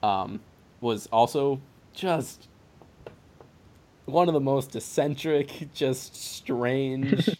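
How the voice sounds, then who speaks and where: A man in casual conversation about a film, his voice sitting at an ordinary pitch. He laughs often and breaks into animated impressions of the characters as he talks. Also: extremely slow, long pauses. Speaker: film podcast co-host.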